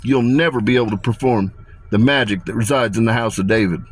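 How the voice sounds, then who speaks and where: A man's voice: mid-range voice, brisk, breathy edge. Man, solo rant, heavy swearing, menacing tone, rambling and repetitive. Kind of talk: ranting monologue to camera.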